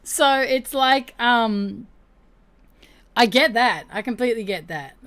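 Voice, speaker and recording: A woman's voice: a little high, lively intonation, slow pace, a bit bright. A young woman hosting a casual livestream chat, candid and chatty, laughing often. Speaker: livestream host.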